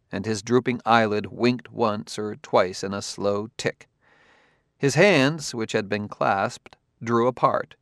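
A man giving measured scripted narration of a novel as an audiobook narrator. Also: fairly low pitch, fairly bright tone, no echo, studio quality.

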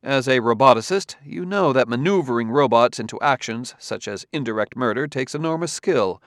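A man voicing a dogged male Earth detective who presses and cross-examines in a raised, forceful voice, recorded dry. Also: medium pitch, expressive, moderate pace, no echo, natural voice. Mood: persuasive.

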